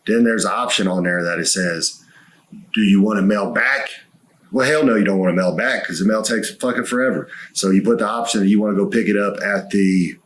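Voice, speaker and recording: A man's voice: on the low side, fast. A man co-hosting a podcast, telling a long story in casual chat and swearing freely. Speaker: co-host.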